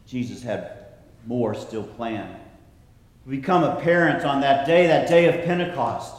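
A man preaching a sermon in a slow, earnest way, dropping to a soft hush when he quotes scripture. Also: medium pitch, lively intonation. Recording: echoey hall, from a distance.

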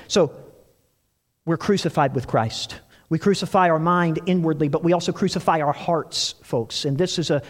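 A man preaching a sermon, telling stories with animated delivery and acting out quoted lines. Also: sits high, in a large hall. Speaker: pastor.

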